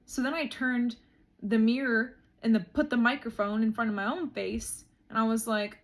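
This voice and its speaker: A woman's voice: a little high, normal speed. A young woman vlogger talking casually and emotionally, with many likes and you-knows. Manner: emotional, heartfelt, says "like" a lot. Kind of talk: reflective casual chat.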